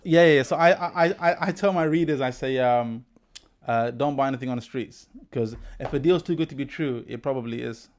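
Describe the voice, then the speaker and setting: A man in his forties, a teacher hosting a podcast, tells animated anecdotes and acts out the people he quotes. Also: mid-range voice, brisk. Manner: animated anecdotes, quoting people with lively voice shifts. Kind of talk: casual storytelling in an interview.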